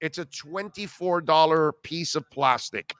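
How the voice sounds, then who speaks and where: A man hosting a talk radio show, telling a rambling, animated personal story in casual conversation. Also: a little high, a little slow, clean tone, dry recording.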